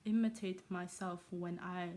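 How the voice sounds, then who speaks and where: A Chinese woman vlogger rambles playfully in her own room, speaking in a homemade accent that mixes Irish, American and Chinese sounds. Her voice sits on the low side and is slightly mellow, with a measured pace and fairly even intonation. She teases herself, jumps between thoughts and often lets sentences trail off in this casual monologue.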